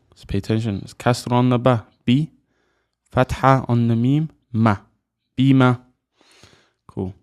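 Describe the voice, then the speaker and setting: A man teaching letter sounds, slowly repeating each sound for the learner to copy. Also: medium pitch, fairly even intonation, a little mellow, dry recording. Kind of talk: pronunciation lesson.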